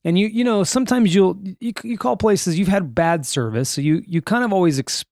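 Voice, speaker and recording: A man's voice: high voice, lively intonation, brisk, darkish tone, no echo, clean studio sound. A man hosting a podcast, chatting casually and telling rambling, jokey stories. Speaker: podcast host. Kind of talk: casual chat.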